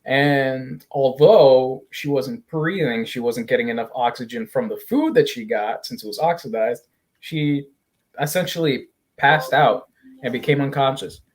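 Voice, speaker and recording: A man's voice: medium pitch, a little slow. A man co-hosting a podcast, recapping a comic in a casual, crude and joking way and acting out the characters' quotes. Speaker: podcast co-host.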